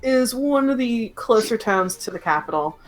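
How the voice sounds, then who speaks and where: A woman's voice: fairly high pitch, expressive, normal speed, faint music behind, rough recording. A young woman running a tabletop game as game master, chatting casually with many fillers.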